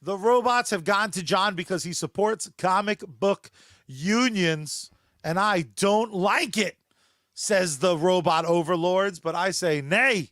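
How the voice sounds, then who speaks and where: A man with a high voice co-hosts a casual comic book podcast. He jokes around and rattles off sponsor plugs. The sound is dry and close, with no room around it. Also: fairly bright tone, no room sound. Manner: joking, fast sponsor plugs. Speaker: podcast co-host.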